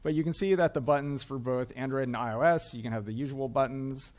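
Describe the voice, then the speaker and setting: A man's voice: mid-range voice, quick pace, darkish tone. Chatty, joking man giving a tech talk. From Canada. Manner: chatty, self-deprecating, lots of uhs. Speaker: conference speaker. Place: conference hall, live audience.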